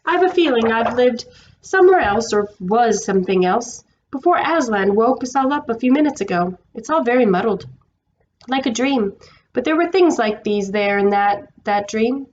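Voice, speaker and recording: A woman voicing a slow, muddled talking horse. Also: on the high side, lively intonation, highs cut off, slight background noise, natural voice. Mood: puzzled. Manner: slow and thoughtful.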